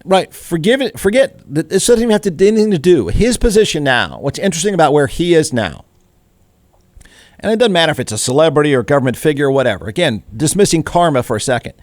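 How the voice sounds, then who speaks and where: A man's voice: on the high side, very animated, quick pace, no echo. A man hosting a talk show, giving snarky, irreverent commentary full of rhetorical questions. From Austin, Texas. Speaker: radio talk show host. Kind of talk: opinion commentary.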